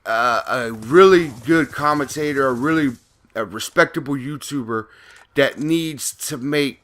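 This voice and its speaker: Bright-voiced man ranting profanely. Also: medium pitch. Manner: profane, rambling, heated. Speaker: gaming YouTuber. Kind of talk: casual ranting commentary.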